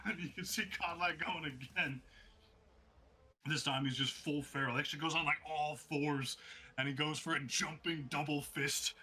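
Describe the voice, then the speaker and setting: Excitable man narrating a tabletop fight. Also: a little high, moderate pace, slightly rough. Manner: excitable, laughing, vivid play-by-play. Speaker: game master.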